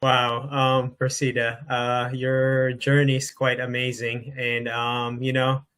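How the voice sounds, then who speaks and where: Male podcast host, mid-pitched, eager and casual, lots of "like" and "you know.". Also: completely flat delivery, slow, fairly bright tone, smooth. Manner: enthusiastic, heavy use of "like" and "you know". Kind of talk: casual interview conversation.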